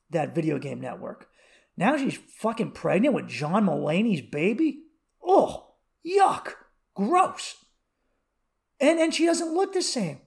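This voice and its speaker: Solo comedy podcast host, thirties, high-voiced man, swears a lot and rambles through stories. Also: creaky. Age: 30s. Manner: profane, rambling, animated storytelling.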